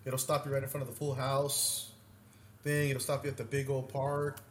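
A man co-hosts a podcast, telling stories in a rambling, profane and animated way during a casual storytelling chat. His voice is mid-range and his pace moderate. The room is echoey, with faint noise.

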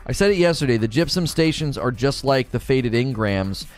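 A male streamer chatting live about a game. His delivery is lively and swings in pitch, and he restarts and repeats himself as he thinks out loud. Quiet music plays in the background. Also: normal speed. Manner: animated, rambling, repeats words. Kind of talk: casual live-stream chat. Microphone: desk mic through mixer and preamp.

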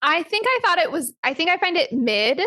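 A woman's voice: extremely high pitch, big pitch swings, a little fast, pushed and bright, dry recording, clean studio sound. A woman co-hosting a film podcast in casual chat, rambling and chatty with lots of fillers. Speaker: podcast co-host.

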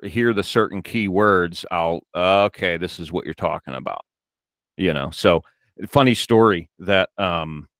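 A man's voice: fairly low pitch, a bit bright, dry recording. An American man hosting a podcast, reading fan mail and telling rambling stories in an easygoing way. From United States. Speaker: podcast host. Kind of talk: casual podcast chat.

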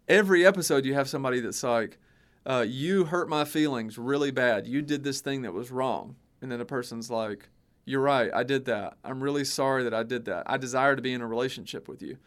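Animated man telling stories on a podcast. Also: medium pitch. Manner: animated, storytelling with quoted voices. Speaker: podcast co-host and teacher. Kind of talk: casual podcast discussion.

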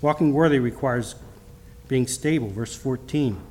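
A middle-aged man preaches a church sermon and mixes in personal testimony. His pitch is ordinary for a man and his delivery halts and restarts often. A faint noise sits behind him. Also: a little mellow. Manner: halting, with frequent restarts; reads scripture in King James wording. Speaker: lay preacher.

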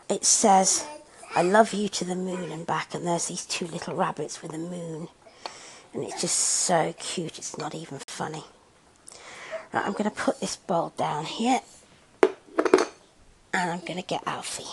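A woman's voice: on the low side, unhurried. A woman chatting casually to her listeners while feeding her baby, breaking off to scold him and talking in a sing-song baby voice. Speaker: parent podcaster.

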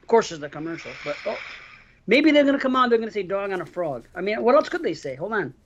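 Guy hosting a podcast, voice jumps all over, kinda dull lo-fi sound, reads emails out loud. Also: high voice, fast talker, slight background noise. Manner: animated, reads listener mail aloud. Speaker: podcast host. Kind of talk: casual podcast chat.

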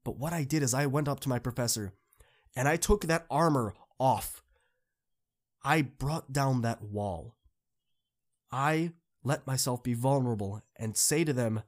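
A man's voice: medium pitch, measured pace, long pauses. A man hosting a podcast, giving an earnest, encouraging motivational talk to students that builds to emphatic peaks. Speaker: podcast host.

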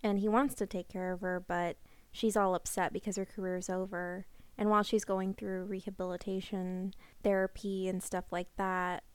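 A chatty woman co-host, animated as she retells and comments. Her voice is smooth and crisp, recorded dry and close with no room sound. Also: medium pitch, moderate pace, no room sound. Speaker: podcast co-host. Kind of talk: casual discussion.

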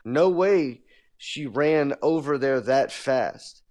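A man's voice: mid-range voice, expressive, slow pace, darkish tone. A man hosting a podcast, reading a listener's story aloud with casual asides. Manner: laughs easily, reads with asides. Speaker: podcast host.

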